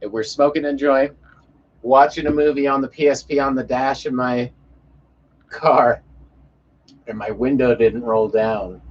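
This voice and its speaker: A young man tells a story as a heated, profanity-laced rant, slipping into other people's voices as he goes. His voice is husky and sits at a middle pitch. The recording is dull and muffled. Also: steady tone, a little slow, long pauses. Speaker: podcast storyteller. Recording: muffled lo-fi audio.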